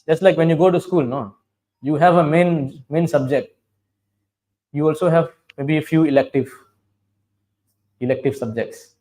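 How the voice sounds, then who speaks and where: A man's voice: on the high side, normal speed, pauses often, a little mellow, rough recording. A man giving a devotional class, telling scripture stories, chanting verses and asking his listeners questions. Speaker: preacher.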